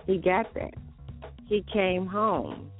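A man co-hosting a casual talk show, relaxed and asking questions. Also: high voice, slow pace. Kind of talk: casual chat. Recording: tinny phone-like audio with faint music.

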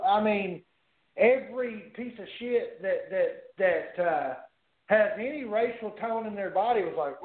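A high-voiced man rambles through casual podcast chat, cursing freely and trailing off. The sound is roomy and echoey. It is squeezed through a phone-like line. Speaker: podcast co-host.

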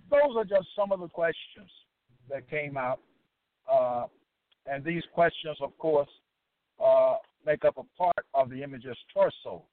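A man reads scripture aloud in a fairly high voice, slow and deliberate, pausing and filling gaps with hesitant fillers between his comments. The sound is thin and phone-like, with a dry, close feel and no room around it. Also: lively intonation, no echo. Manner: deliberate, halting, frequent fillers. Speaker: religious presenter. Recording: tinny phone-like dry recording.

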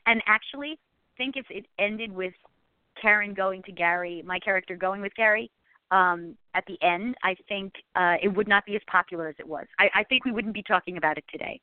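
An actress calls in as a guest for an interview chat, her medium-pitched voice brisk and chatty over a thin, tinny phone line. The sound is dry with no room sound, and she rambles with plenty of fillers and restarts.

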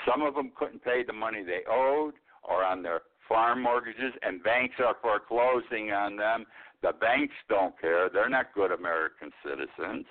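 A man's voice: fairly low pitch, normal speed. A man in his eighties, an older host giving a blunt, rambling monologue of political commentary. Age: 80s. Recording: tinny phone-like line.

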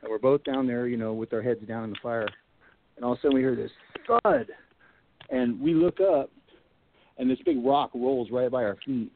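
On a tinny phone line with a little hiss or hum, a middle-aged man guesting on a radio show tells a long, casual personal story full of "you know" and "like." He's a Bigfoot researcher with a medium-pitched voice at normal speed.

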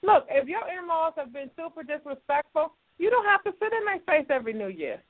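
A woman's voice: high-pitched, big pitch swings, a little fast, no echo. A woman co-hosting a radio talk show, giving emphatic advice and repeating her points for stress. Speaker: radio co-host. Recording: thin phone-like radio sound.

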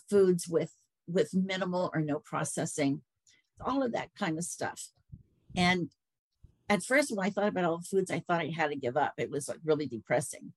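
A middle-aged woman telling her own story in a casual interview, chatty and animated when she quotes others. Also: lowish voice, slightly rough, no room sound, rough recording. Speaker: guest.

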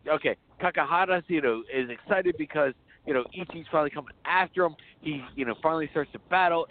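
A man's voice: a little high, a little hiss or hum. A man co-hosting a casual horror film podcast, rambling and swearing freely as he recaps scenes and often laughs. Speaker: podcast co-host. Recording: phone-like, narrow sound.

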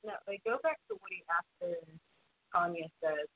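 A woman's voice: lowish voice, lively intonation, normal speed, background noise. A woman co-hosting a horror movie podcast, chiming in with short corrections in casual chat. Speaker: podcast co-host. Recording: tinny phone-like sound.

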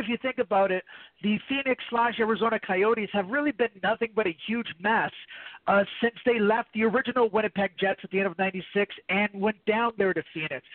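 A rambling, opinionated man from Canada talks hockey in a high voice. His speech comes through a tinny, phone-like line with a dry sound and no room echo. He drifts between asides and jokes as he makes his case. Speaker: podcast co-host. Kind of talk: casual sports talk.

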